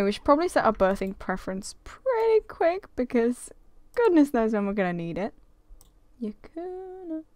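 A woman's voice: high-pitched, darkish tone, no echo. A young woman giving casual, giggly commentary over a life-simulation game she plays, gasping and exclaiming often. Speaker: gaming video creator. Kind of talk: casual let's-play commentary.

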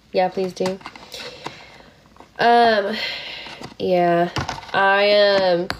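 A woman's voice: medium pitch, a little hiss or hum. A young woman, sick and tired, chatting casually on a phone livestream, thanking viewers with lots of fillers.

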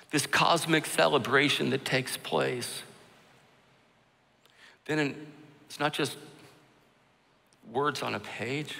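A man's voice: mid-range voice, creaky, sharp tone. A middle-aged male pastor preaching a sermon with fervor, repeating phrases for emphasis, in a large church. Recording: long church hall reverb.

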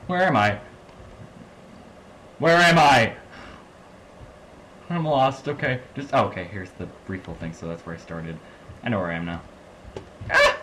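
A man from the American South giving excitable let's-play commentary, swinging between low mumbles and loud laughing outbursts. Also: a little slow, long pauses, noisy background. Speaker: gaming channel host.

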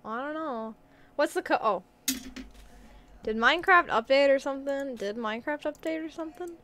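A woman's voice: high voice, normal speed, pushed and bright, a little hiss or hum. A young woman streaming a video game, chatting casually and rambling to her chat with frequent giggles.

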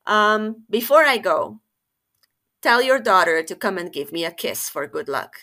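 A scheming devil in a storybook, posing as a well-dressed stranger, put on by a woman narrator. He bargains smoothly and politely, in a bright, lively voice. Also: mid-range voice, measured pace.

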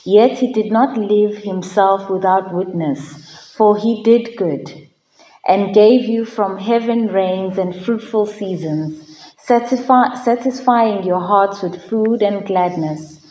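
A woman reading scripture as lector at a Mass in a chapel, in a measured way with small slips. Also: medium pitch, mellow, rough recording.

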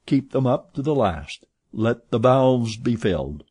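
A man voicing a calm, imperturbable gentleman who speaks in a cool, clipped, composed way. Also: medium pitch, a little slow, slightly rough, no room sound.

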